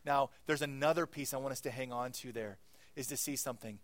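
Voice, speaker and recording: A male pastor preaching a sermon in an earnest way, swinging between hushed, intimate lines and loud, emphatic ones. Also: mid-range voice, fairly quick.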